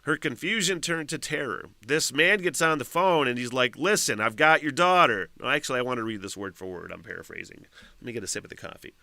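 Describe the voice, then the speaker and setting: Bright, profane podcast host. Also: male voice, mid-range voice, fast, creaky, no room sound. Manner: profane, rambling, reads news aloud with asides. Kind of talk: casual solo podcast chat.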